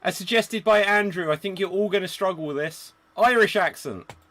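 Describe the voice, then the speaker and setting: Guy hosting improv over a video call, kinda high voice, snappy with the freezes. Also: a bit bright, no echo. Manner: brisk, calls out freezes and suggestions. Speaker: improv show host. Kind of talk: live online improv hosting.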